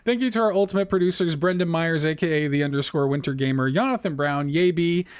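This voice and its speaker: A man hosting a casual gaming podcast, chatty and quick to laugh, reading off a list of supporter names. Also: a little high, smooth, no echo, clean studio sound. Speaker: podcast host. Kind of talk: casual chat.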